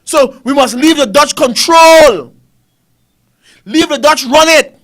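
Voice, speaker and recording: A man's voice: very high voice, takes it slowly, fairly bright tone. A man with a Caribbean English accent, hosting a talk show and ranting about politics with repeated rhetorical questions. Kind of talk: fiery political commentary.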